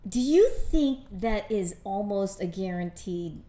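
A woman's voice: mid-range voice, expressive, slow, dark tone. A woman co-hosting a podcast, chatting casually and laughing along. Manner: laughing, agreeable. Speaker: podcast co-host.

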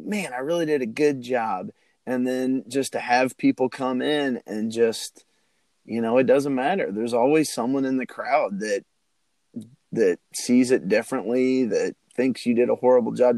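Gravelly earnest man. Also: mid-range voice, darkish tone, dry recording. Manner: earnest, rambling, motivational. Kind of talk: casual chat.

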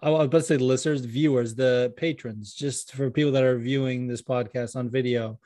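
A man hosting a podcast in casual, animated chat, often laughing and swearing. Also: mid-range voice, a little fast, dry recording. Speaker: podcast host.

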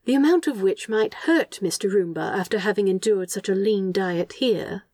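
A woman's voice: mid-range voice, moderate pace, dark tone, no room sound, clean studio sound, lightly acted. A woman reading aloud and voicing a fussy, doting male angel who tuts primly and stays unbothered. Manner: prim, tutting, affectionate.

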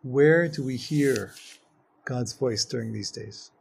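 A man teaching a Jewish text class, reading Hebrew passages quickly and then explaining them, often building to emphatic, stressed phrases. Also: mid-range voice, gravelly, darkish tone, breathy edge. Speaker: Torah teacher.

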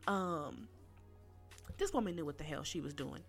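A podcast host with a low-pitched voice rants casually through a monologue at a moderate pace. She talks in animated slang, often addressing her listeners directly, while faint music plays behind her.

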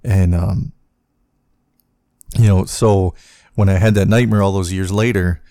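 A man hosting a personal podcast, talking in a halting, reflective way with many restarts. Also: low voice, steady tone, dark tone, no room sound, studio quality. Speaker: podcast host.

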